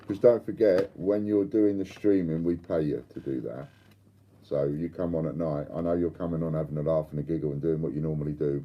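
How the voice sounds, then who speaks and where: Deep-voiced chatty man. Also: lo-fi sound, a little hiss or hum. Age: older. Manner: chatty, bantering, reads out viewer comments. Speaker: live stream host. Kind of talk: casual chat to live viewers.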